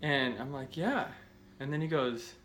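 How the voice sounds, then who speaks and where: A man casually telling a self-deprecating story to his viewers, animated and rambling with restarts. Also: medium pitch, a little slow, slight background noise. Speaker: vlogger.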